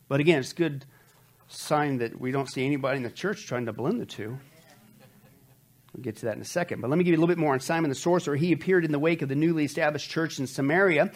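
A man's voice: on the high side, fast talker. Emphatic man teaching a Bible study. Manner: emphatic, rhetorical questions to listeners. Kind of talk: conversational sermon teaching.

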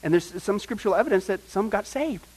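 A man preaching a sermon to a group, animated, often asking his listeners questions and acting out the people he quotes. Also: sits high, fast, husky, poor audio. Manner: animated, acts out quoted voices, asks the audience questions. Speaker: pastor teaching a Bible study.

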